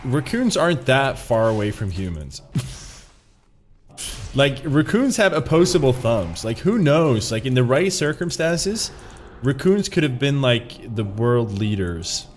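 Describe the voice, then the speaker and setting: This gaming streamer has a medium-pitched, very animated voice and keeps a measured pace, with slight noise in the background. He rambles casually as he plays, joking, swearing and laughing often.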